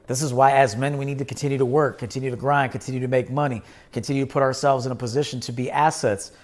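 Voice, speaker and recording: A man's voice: medium pitch, fairly even intonation, quick pace. Blunt, swearing male podcast host. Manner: blunt, swearing, repetitive emphatic talk. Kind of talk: casual livestream monologue.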